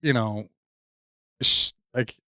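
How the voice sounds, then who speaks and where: A man in his thirties co-hosts a podcast, telling a long embarrassing story in a rambling, laughing way full of restarts. His medium-pitched voice is slow, pushed and bright. The recording is dry with clean studio sound.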